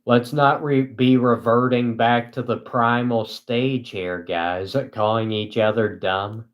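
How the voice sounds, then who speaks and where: A young man hosting a casual live stream, talking to his chat in a flat, dry, self-mocking monotone. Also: medium pitch, slow pace, lo-fi sound.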